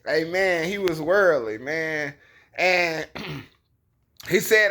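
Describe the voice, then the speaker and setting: A man's voice: fairly high pitch, expressive, extremely slow, long pauses, bright, forceful tone. A man giving a casual, slangy Bible lesson, telling the story in an emphatic conversational way. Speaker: bible teacher. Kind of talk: casual preaching monologue.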